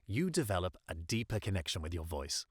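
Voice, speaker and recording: Expressive low-voiced man, podcast monologue. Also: brisk, breathy edge, no echo, studio quality. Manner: expressive, emphatic delivery with pitch swings. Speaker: voice coach and podcast host.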